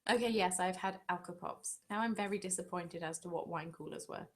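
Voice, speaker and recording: With a fairly low pitch and a brisk delivery, this English craft channel host answers viewer comments on a relaxed live stream from home, chatty and self-deprecating throughout.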